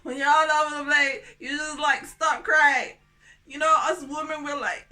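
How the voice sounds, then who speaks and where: A woman in her thirties vlogging casually to camera, excitable and goofy, jumping between topics and laughing often. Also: high voice, moderate pace. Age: 30s.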